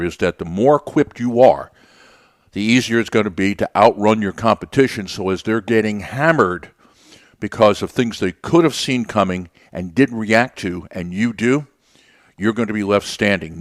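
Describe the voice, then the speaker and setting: On a clean, dry studio recording, a male radio host with a fairly low pitch speaks off the cuff. His unscripted monologue wanders in a chatty way, full of filler words and sentences he starts over.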